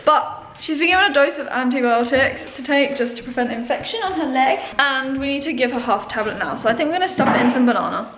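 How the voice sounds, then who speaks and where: A woman's voice: high voice, expressive, fast, hardly any pauses. A young woman, chatting casually in a vlog and often baby-talking to her pets. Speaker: vlogger. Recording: handheld camera with loud background noise.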